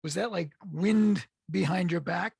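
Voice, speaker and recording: A man hosting a podcast interview, asking long, rambling questions with halting restarts. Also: high voice, creaky, a little mellow, slightly rough, no room sound, clean studio sound. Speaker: podcast host. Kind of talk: casual interview.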